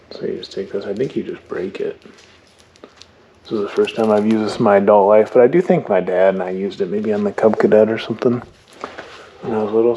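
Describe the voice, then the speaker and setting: A young man explaining an engine rebuild step by step as he works, thinking aloud in a plain, relaxed way. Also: lowish voice, a little hiss or hum. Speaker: mechanic rebuilding a diesel engine. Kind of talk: hands-on how-to narration.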